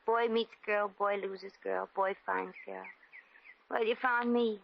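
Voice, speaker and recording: An actress playing a brash, slangy American shop girl in a 1950s radio drama, quick with wisecracks. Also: medium pitch, fairly even intonation, gravelly, a little hiss or hum. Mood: wry. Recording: dull old radio recording.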